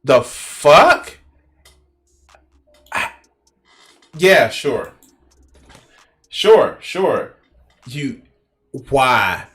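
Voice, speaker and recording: A man's voice: mid-range voice, very animated, extremely slow, long pauses, fairly bright tone. A man streaming and reacting to a video in casual, profane, incredulous commentary.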